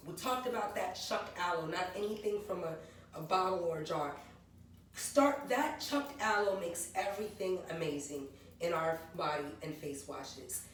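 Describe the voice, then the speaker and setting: A woman in her forties, a maker of natural hair and skin products, chatting her way through her product line and rambling through lists of ingredients. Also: mid-range voice. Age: 40s. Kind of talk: casual product walkthrough vlog. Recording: very echoey room, voice from far off, faint background hum.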